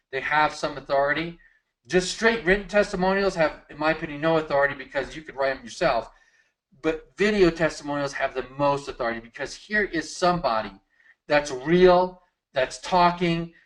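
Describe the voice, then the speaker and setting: A man lays out his approach in an easygoing, explanatory way, leaning on fillers as he goes. His voice is slightly high for a man, and the tone stays conversational throughout. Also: rough recording. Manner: relaxed, explanatory, frequent fillers. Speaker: co-host of a marketing training. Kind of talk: casual coaching talk.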